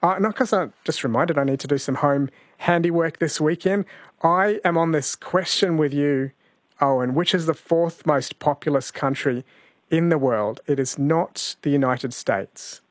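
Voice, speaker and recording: A man runs a relaxed radio chat and quiz, talking easily with callers and laughing along. His voice sits a little on the high side. The studio sound is dry and close. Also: normal speed, dry recording. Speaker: radio host.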